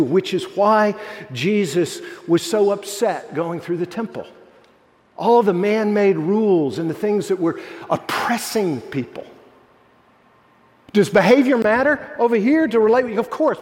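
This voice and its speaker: A man preaching a sermon as pastor, telling stories earnestly and dropping his voice low when quoting others. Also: expressive, moderate pace, darkish tone, big-room sound.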